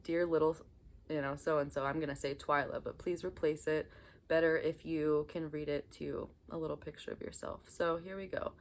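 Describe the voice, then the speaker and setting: Low-voiced woman vlogging casually. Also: a little hiss or hum. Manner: chatty and apologetic, with frequent ums. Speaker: vlogger talking about inner child healing. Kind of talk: casual talk to camera.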